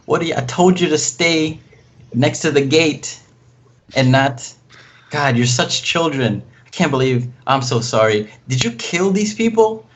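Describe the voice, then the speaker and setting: A man's voice: fairly high pitch, expressive, unhurried, slight background noise, voice pushed up. A man voicing a frantic, apologetic caretaker who fusses like a worried mother, gushing apologies in a breathless rush. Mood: flustered. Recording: muffled lo-fi voice chat.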